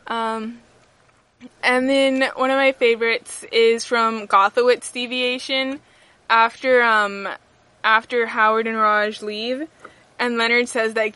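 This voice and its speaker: A young woman with a slightly high, bright voice chats as a podcast co-host, recorded close and dry. She gushes about favorite moments, leaning on "like" and "um" as she talks. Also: flat delivery, measured pace, no echo. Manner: gushing, filler-heavy recounting of favorite moments. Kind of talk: casual chat.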